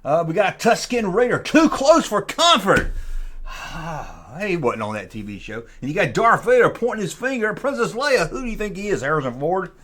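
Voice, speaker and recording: Excitable man with a lively high voice. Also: a little fast, hardly any pauses. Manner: excitable, rambling, talks to himself while reading aloud. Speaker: collector flipping through a vintage magazine. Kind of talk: casual unscripted commentary.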